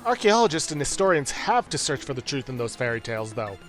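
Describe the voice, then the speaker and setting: A man's voice: medium pitch, big pitch swings, fast talker, soft background music, lightly acted. A man voicing an absent-minded old male professor, in a slightly southern old man voice. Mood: lecturing.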